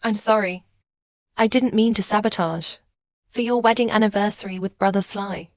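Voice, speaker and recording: A woman's voice: medium pitch, steady tone, moderate pace, no echo, clean studio sound, close to an everyday voice. A woman voicing a young pregnant mistress who talks in a whiny, falsely sweet way. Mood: simpering.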